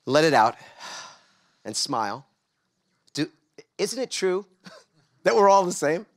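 A man's voice: on the high side, big pitch swings, slow pace. A middle-aged man from New York gives a motivational talk to a live audience, coaxing them to answer back. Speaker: speaker.

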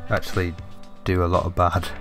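A young man giving chatty let's-play commentary, thinking aloud and getting excitable. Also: deep voice, moderate pace, vocal fry, soft background music. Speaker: gaming commentator.

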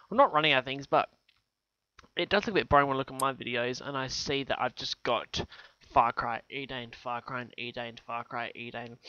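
A young man with an Australian accent, giving excitable let's-play commentary with sudden yelps and loud outbursts. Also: mid-range voice, dry recording, dull audio. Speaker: gaming channel host. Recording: noisy home recording.

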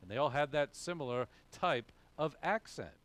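Man, boston accent, pastor preaching, chatty, animated pitch, rising and falling. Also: moderate pace. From New England, USA. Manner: conversational, frequent "okay?" asides. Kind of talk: sermon.

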